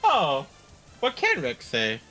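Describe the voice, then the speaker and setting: A woman's voice: sits low, wildly swooping pitch, slow, a bit bright, soft background music. A woman joining a game stream as a guest, jokey and bubbly. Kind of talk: casual stream chat.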